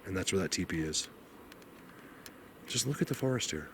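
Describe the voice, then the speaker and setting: A man vlogging outdoors in a snowy forest, emotional and awed, rambling and sometimes dropping to a hushed voice. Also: deep voice, animated, normal speed, slight background noise. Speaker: vlogger exploring the woods. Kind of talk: excited outdoor vlog narration.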